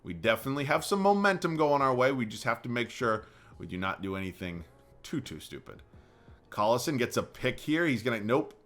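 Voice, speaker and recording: A young man giving casual commentary over a basketball video game, moving between calm play-by-play and profane rants. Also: medium pitch, a little fast, soft background music. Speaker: gaming YouTuber.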